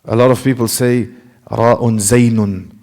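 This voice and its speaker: A man's voice: medium pitch, steady tone, a little slow, darkish tone, in a large hall. A man teaching a classroom lecture, explaining carefully, demonstrating sounds himself and asking the class rhetorical questions. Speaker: Quran recitation teacher. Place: mosque classroom.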